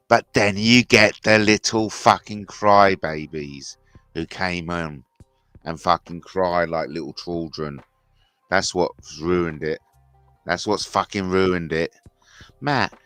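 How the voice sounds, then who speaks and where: A man's voice: low voice, gravelly, fairly bright tone, no echo, studio quality. A man hosting a casual livestream, chatting in blunt banter with some swearing, reading out viewers' comments and answering them. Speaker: livestream host.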